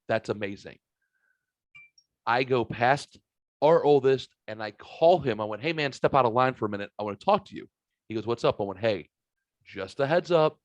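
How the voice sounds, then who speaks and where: A man from the Saint Louis area hosts a casual podcast, telling stories in an animated way and acting out what people said. His voice sits in a middle register and sounds dry and close, with no room around it. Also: mid-range voice, moderate pace, no echo, lo-fi sound. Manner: animated, swearing, acts out quotes. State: recovering from a sinus virus. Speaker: podcast host. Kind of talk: casual storytelling chat.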